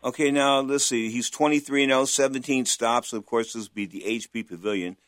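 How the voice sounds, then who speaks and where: A man's voice: mid-range voice, steady tone, fairly quick, fairly bright tone, dry recording. Chatty male boxing radio host. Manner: boastful, chatty, hype-driven. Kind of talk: talk radio hosting.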